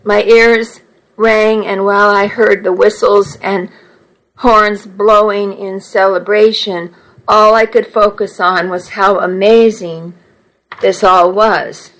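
A woman narrating a romance audiobook in the first person, with slow, measured reading. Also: medium pitch, steady tone, fairly bright tone, rough recording.

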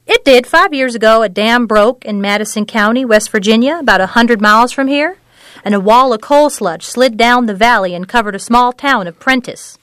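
Woman playing an earnest local woman, measured, high-ish voice, dry sound. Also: a bit bright, dry recording, lightly acted. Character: woman, an older local who runs a clinic.

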